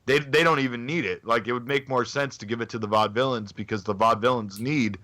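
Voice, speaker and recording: Bright-voiced man on a chat podcast. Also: mid-range voice, fast. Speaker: podcast co-host. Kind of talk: casual chat about wrestling.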